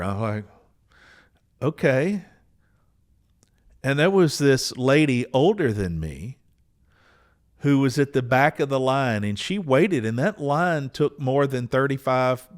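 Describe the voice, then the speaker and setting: A man, telling a personal story as a podcast host, earnest and unhurried, with small restarts. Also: mid-range voice, very animated. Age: 60s.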